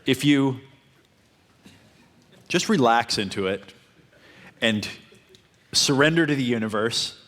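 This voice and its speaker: A man giving dating advice in a calm coaching talk, repeating his points. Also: mid-range voice, slow, pauses often.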